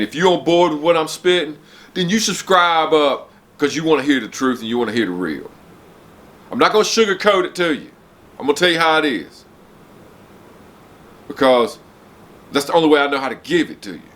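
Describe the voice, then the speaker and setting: A forty-something man vlogging from a room in his house, preaching hard truths in a blunt, profane rant. His voice is tense and forceful, and he keeps stopping to apologize before he gets worked up again. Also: medium pitch. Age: 40s. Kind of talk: blunt unscripted rant to camera. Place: home, downstairs room.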